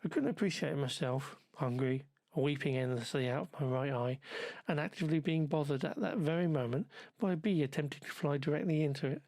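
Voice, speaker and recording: A man narrates a travelogue with dry, sardonic, wordy commentary while recovering from covid. His voice sits a little high for a man, and the recording is tight and dry with no room sound. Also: a little fast, vocal fry, darkish tone, dry recording. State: ill with covid. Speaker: travel vlogger.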